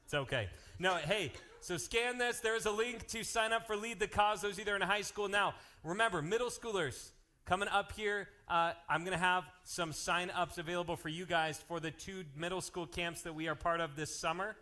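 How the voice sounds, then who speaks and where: A man working as a youth pastor, making lively, joking announcements and telling stories to a live youth group. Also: high-pitched, moderate pace, hardly any pauses. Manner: energetic, joking, jumps between topics.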